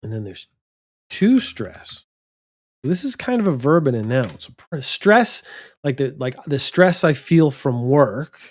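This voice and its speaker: Slow, deliberate male English teacher. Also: medium pitch, darkish tone. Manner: slow and deliberate, stretches words out and stresses key words. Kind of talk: vocabulary lesson, thinking aloud.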